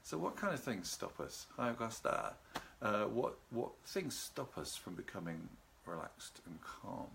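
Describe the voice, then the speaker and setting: Male host for a relaxation talk, low and calm, leisurely delivery. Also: vocal fry, a little hiss or hum. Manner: calm, unhurried, greets live viewers by name. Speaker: seminar host. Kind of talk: live video talk on relaxation. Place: at home with a garden behind.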